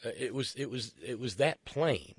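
A man's voice: medium pitch, lively intonation, moderate pace, slightly rough, no echo. A man hosting a political talk radio show, sarcastic and profane, who stumbles into restarts.

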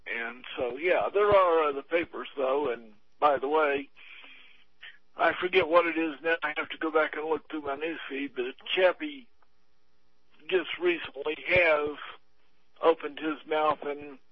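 Frustrated man on talk radio, slightly high. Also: unhurried, dry recording, dull audio.

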